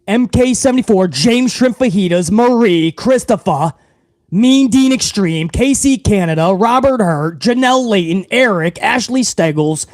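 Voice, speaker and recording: A brash, foul-mouthed man hosts a live wrestling talk stream, loud and unfiltered as he rants at his viewers. His voice sits unusually high for a man and sounds close and bone-dry. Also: animated, measured pace, no room sound. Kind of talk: profane live-stream rant.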